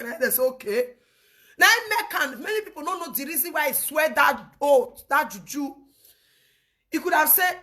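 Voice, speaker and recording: Nigerian woman, high voice, bright and sharp, laughing storyteller, casual commentary. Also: normal speed. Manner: laughs often, lively storytelling.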